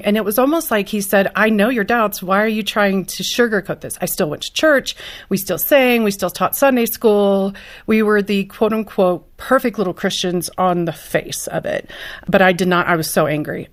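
A woman guest speaking candidly and earnestly in an interview, a mother of a child with special needs. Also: mid-range voice. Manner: earnest, heartfelt, lively retelling.

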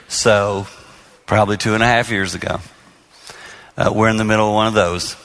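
A man's voice: lowish voice, fairly even intonation, moderate pace, fairly bright tone, long reverb tail. A middle-aged man preaching on marriage, telling stories with self-deprecating humor that turn earnest. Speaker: marriage speaker and minister. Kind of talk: storytelling sermon.

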